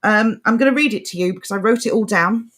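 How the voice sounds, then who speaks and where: A woman's voice: medium pitch, fast, fairly bright tone. A woman co-hosting a live chat show, reading viewer comments in a chatty, laughing way. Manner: chatty, laughing, trailing off and restarting. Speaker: co-host of a live news-reaction show.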